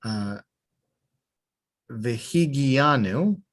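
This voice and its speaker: Slow patient man teaching Hebrew. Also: medium pitch, lively intonation. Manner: slow, patient, hesitant with fillers. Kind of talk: beginner language class.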